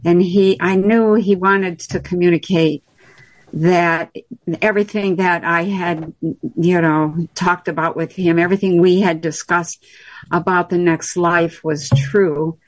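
A woman guest on a livestream talking calmly and reflectively in casual conversation. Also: fairly low pitch, unhurried, no echo, low-quality recording. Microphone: livestream video call.

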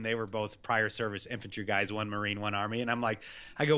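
A man talking as a guest, telling a story in a heated, animated way with casual slang. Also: lowish voice, fast, smooth. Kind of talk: casual conversation.

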